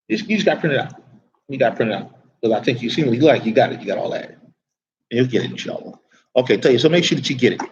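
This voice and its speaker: A man's voice: medium pitch, darkish tone, highs cut off. A man teaching an Arabic grammar class in a casual, chatty way, often asking the class rhetorical questions.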